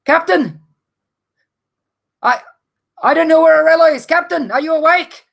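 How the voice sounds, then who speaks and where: A man voicing a frightened young female deckhand, calling out in a high, strained, panicked voice. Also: slow, pushed and bright, full character voice.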